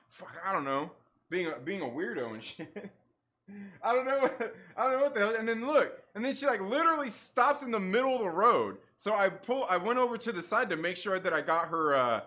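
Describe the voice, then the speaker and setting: A man's voice: high-pitched, sharp tone. A man hosting a casual livestream, rambling and swearing with lots of "like" and restarts, laughing often. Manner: rambling, profane, many likes and restarts; laughs often while talking. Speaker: livestream host.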